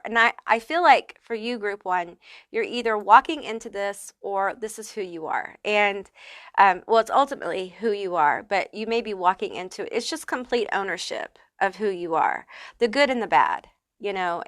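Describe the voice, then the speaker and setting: A woman's voice: mid-range voice, fairly bright tone, dry recording. A woman giving a casual pick-a-card tarot reading, chatty and emphatic, with frequent fillers. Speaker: tarot reader.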